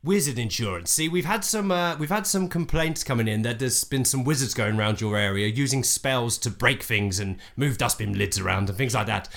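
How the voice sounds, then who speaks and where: A man's voice: mid-range voice, fairly quick, gravelly, hardly any pauses, fairly bright tone. A man voicing a pushy male fantasy insurance salesman in a prank phone call, with a raised, chirpy sales patter full of hesitations.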